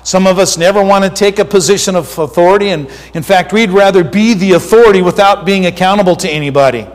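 A man's voice: high-pitched, quick pace, in a large hall. A man preaching a sermon as pastor, earnest and conversational, often checking in with his listeners.

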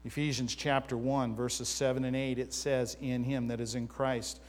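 A man's voice: mid-range voice, flat delivery, moderate pace. A man preaching a sermon, mixing scripture reading with casual personal stories. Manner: conversational preaching with personal anecdotes. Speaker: pastor. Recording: reverberant hall.

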